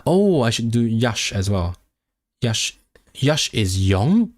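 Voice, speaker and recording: His mid-range voice is sing-song and a little mellow, and he takes a slow pace. A language-learning streamer, he practices casually on a livestream, musing aloud with fillers and restarts while carefully echoing new foreign phrases.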